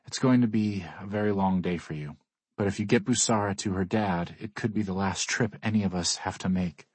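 A man voicing a teenage girl who talks in a lively, teasing way. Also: low voice, brisk, slightly rough, no echo. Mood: cheerful. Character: upbeat teenage girl, the narrator's girlfriend.

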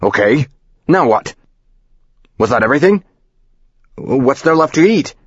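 A man voicing a panicked caller yelling demands over a speakerphone. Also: mid-range voice, sing-song, a little slow, breathy edge, no echo, highs cut off, voice pushed up. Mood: frantic.

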